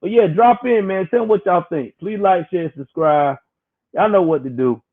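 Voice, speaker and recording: Tinny, phone-like audio carries the high-pitched voice of a man hosting a casual livestream at a moderate pace. He's animated and full of slang, laughing constantly as he jokes between remarks.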